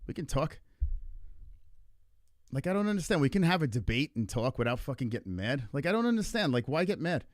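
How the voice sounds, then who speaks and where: A man's voice: mid-range voice, very animated, fairly quick, long pauses, no room sound, studio quality. A young man hosting a casual livestream chat, rambling and exasperated, swearing often as he asks why everyone gets so angry. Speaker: podcast host.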